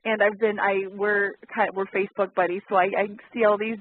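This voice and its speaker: A young woman from Canada, a singer, being interviewed in a friendly, modest, halting way. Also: medium pitch, level tone, dry recording. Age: young adult. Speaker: singer and actor, interview guest. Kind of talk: casual chat. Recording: tinny phone line.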